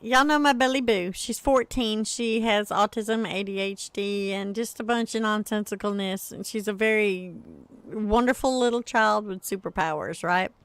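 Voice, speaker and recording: A woman's voice: medium pitch, moderate pace, clean tone, no echo. A middle-aged woman, chatting casually with viewers on a gaming livestream and laughing often as she tells a story.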